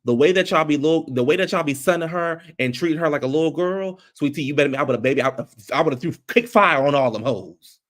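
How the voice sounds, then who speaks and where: A man reviewing a reality TV episode in casual commentary, ranting in an animated, profane way. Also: on the high side, quick pace, hardly any pauses.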